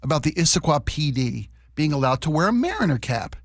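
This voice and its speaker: A man with a somewhat high voice co-hosts a talk radio show, rambling and restarting as he chats. He slips into playful sarcasm now and then. The studio mic sound is close and dry, with no room around it. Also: sing-song, a little fast, no room sound. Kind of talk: casual talk radio banter. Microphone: studio microphone.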